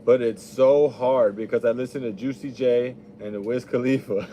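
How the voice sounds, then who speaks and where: A young man rambles through a casual, laid-back monologue, swearing freely as he goes. His voice sits at an ordinary middle pitch. A faint hiss of background noise runs under the recording. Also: fairly even intonation, normal speed, warm tone.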